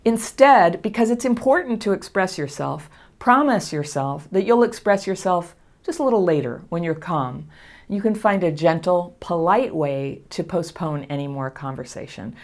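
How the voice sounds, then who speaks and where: A middle-aged woman calmly and reassuringly teaching about healing from trauma, laughing softly now and then. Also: on the low side, normal speed. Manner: gentle, reassuring, laughs often. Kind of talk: casual spoken lesson to camera.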